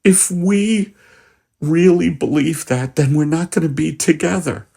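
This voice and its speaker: A man playing an emotional fussy woman, high swooping delivery, husky, slow. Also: dark tone, heavily acted. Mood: melodramatic. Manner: high, fluttery and melodramatic, with rising swoops. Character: Margaret, a fussy, emotional middle-aged woman.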